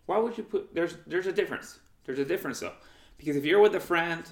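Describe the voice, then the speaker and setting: A man's voice: fairly high pitch, fast talker, gravelly. A young man, telling stories in casual chat, acting out other people's voices and swearing freely. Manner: animated storyteller who acts out quoted voices; profane and slangy. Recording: roomy echo.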